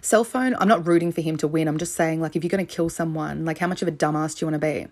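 A woman with a notably low, deep voice tells a true crime case in an easygoing, conversational way. She tosses in profanity and blunt offhand remarks as she goes. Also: quick pace, darkish tone. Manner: blunt and chatty, swears freely, offhand asides. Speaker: true crime podcast host. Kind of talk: casual true crime storytelling.

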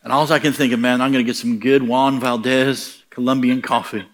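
An American man preaching, telling a funny travel story with lively comic voices. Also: medium pitch, a little fast. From United States. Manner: animated, comic voices in quoted lines. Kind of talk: storytelling sermon.

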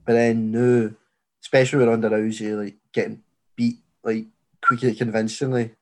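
A man hosts a laid-back sports chat, his sentences wandering and stuffed with fillers. When a point is challenged he gets louder and more animated, arguing it out with his co-host. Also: medium pitch, moderate pace. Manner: rambling, leans heavily on "like" as filler. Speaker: podcast host.

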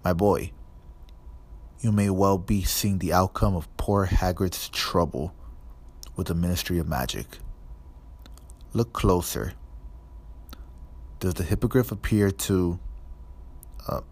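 A man's voice: low voice, takes it slowly, long pauses, heavily acted. Man doing a dreamy, fussy old woman seer. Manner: airy, dreamy, condescending, calls people dear. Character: dreamy fussy older female divination teacher.

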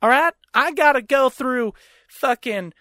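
Man mimicking a Southern woman, shrill, nagging, nosy busybody, dry close recording. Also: a little slow, sharp tone, no room sound, heavily acted. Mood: indignant. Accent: American Southern. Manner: whiny, nagging.

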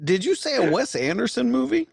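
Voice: mid-range voice, very animated, a little fast, creaky, slightly rough, no echo. A host in a casual chat who keeps interrupting with incredulous questions.

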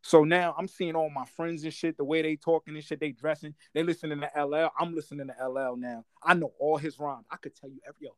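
A man in his forties from Guyana, telling stories in a casual chat, animated and laughing, full of street slang. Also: on the high side, fast talker, few pauses, no echo.

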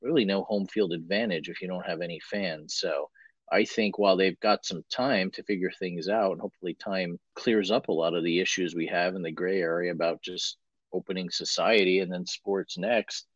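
A man co-hosting a casual sports talk show, analyzing in a brisk way and posing rhetorical questions. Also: sits low, fairly even intonation, dry recording. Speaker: co-host. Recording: dry, muffled lo-fi audio.

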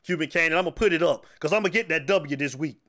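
A man's voice: a little high, rapid-fire. A man hosting a sports call-in show, trash-talking and laughing at a caller. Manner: loud, teasing, laughing. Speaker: show host. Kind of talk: casual sports trash talk.

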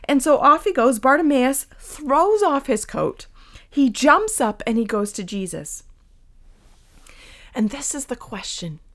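A woman's voice: sits high, measured pace. A woman giving a reflective devotional talk, earnest, sometimes dropping to a whisper and acting out the story. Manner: earnest and reflective, drops to whispers for quoted voices; acts out Bible characters with lively shifts.

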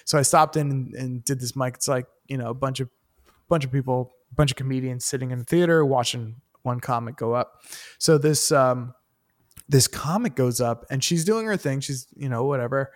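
A man, a stand-up comedian, telling stories in casual chat, animated and swearing freely. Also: medium pitch, normal speed. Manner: animated storyteller, swears freely, acts out the people in his stories. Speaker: stand-up comedian, podcast co-host.

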